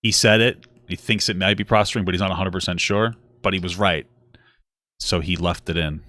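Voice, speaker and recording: A man hosts a reaction commentary with a lowish voice. He talks with sarcastic, dry asides. His sound is close and dead dry. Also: fairly even intonation, brisk, bright, forceful tone, no room sound. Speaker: commentary host.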